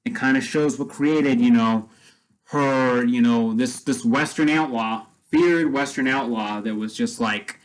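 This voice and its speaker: A man's voice: mid-range voice, measured pace, poor audio. A man casually retelling a film story as a vlogger, rambling with many restarts and fillers.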